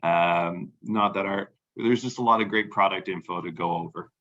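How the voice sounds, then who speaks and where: A man hosting a webinar and walking through a software demo, speaking casually with many fillers. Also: low voice, fairly even intonation, normal speed, highs cut off. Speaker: webinar host.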